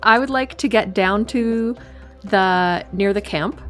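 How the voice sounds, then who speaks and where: A woman playing a tabletop game, briskly planning aloud in casual chat. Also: medium pitch, soft background music. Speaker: player.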